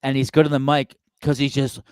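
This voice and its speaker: A man's voice: mid-range voice, monotone, quick pace, darkish tone, clean tone, no room sound. A man co-hosting a podcast who talks casually, laughs often and acts out the voices of people he quotes. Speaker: podcast co-host. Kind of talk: casual chat.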